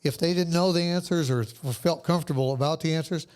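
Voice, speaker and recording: A man's voice: a little high, quick pace, darkish tone, smooth. A man as a podcast guest in casual chat, talking in a joking, folksy, meandering way.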